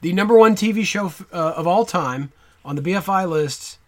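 A man's voice: high voice, normal speed. A man from Nova Scotia hosting a podcast in casual chat, enthusiastic and digressive with lots of fillers. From Nova Scotia, Canada. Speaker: podcast host.

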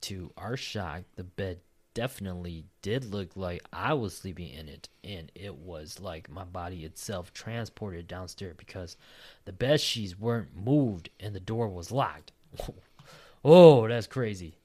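Man, lowish voice, casual podcast talk, frequent laughs, slangy, reads a ghost story aloud. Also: a little slow, slightly rough. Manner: laughs often, swears, says "dude" a lot. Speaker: podcast co-host reading a listener story. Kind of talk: casual chat and story reading.

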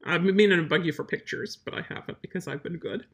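A woman's voice: lowish voice, fast, vocal fry, fairly bright tone, slightly rough. A woman service dog trainer giving blunt, emphatic advice while answering viewer questions live. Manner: blunt, emphatic, matter-of-fact.

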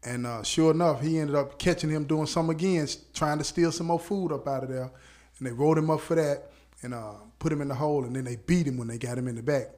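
Animated man spinning a casual story. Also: on the high side, quick pace. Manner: animated, laughs often, peppers speech with "you know what I'm saying". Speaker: podcast host.

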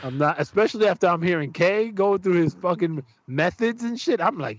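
A man's voice: sits high, brisk, no echo, muffled recording. A man chatting casually and telling a family story, swearing often and acting out the voices of the people in it. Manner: animated, profane, acts out voices in his stories.

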